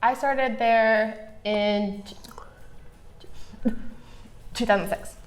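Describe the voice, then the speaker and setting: A woman's voice: on the high side, steady tone, very slow. A woman being interviewed in her office, chatting casually and trading dry, teasing banter with an old friend. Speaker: interview guest, marketing executive. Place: indoors at an office.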